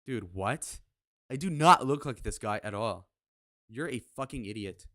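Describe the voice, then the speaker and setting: A young man in his twenties giving casual reaction commentary, blunt, profane and quick to get worked up. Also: mid-range voice, animated, bright, forceful tone, no echo, studio quality. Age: 20s. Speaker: streamer reviewing his own speed date.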